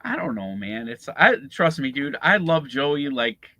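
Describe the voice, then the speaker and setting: A man co-hosting a sports podcast in a casual, profane rant. His voice is very bright and forceful, and it swings widely in pitch as he gets worked up. The sound is dry and close. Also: sing-song, unhurried, no echo, rough recording. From Chicago area. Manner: profane, ranting, laughing often. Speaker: podcast co-host.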